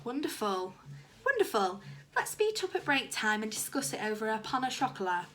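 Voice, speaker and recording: A woman's voice: fairly high pitch, big pitch swings, normal speed, a bit bright, slight background noise. A woman reading aloud, voicing a prim, theatrical female teacher who loves dropping in French words.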